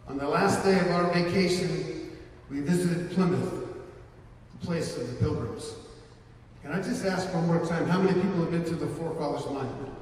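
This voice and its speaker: A male pastor giving an earnest sermon and personal testimony to an audience, slowing down for emphasis. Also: a little high, slight background noise. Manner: earnest storytelling, slows for emphasis. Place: large hall before a live audience. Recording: echoey hall from far off.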